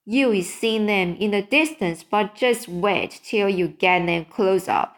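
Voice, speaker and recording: A woman's voice: mid-range voice, animated, measured pace. A woman reading the part of a big friendly male giant from a storybook, speaking in jumbled grammar and made-up words. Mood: muddled. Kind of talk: read-aloud storybook.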